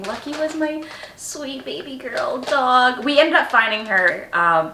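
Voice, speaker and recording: Candid, lively-voiced young woman vlogger. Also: high voice, slow pace, echoey room, a little hiss or hum. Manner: candid, self-mocking, laughs often and shrieks at her own past. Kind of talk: casual storytelling chat.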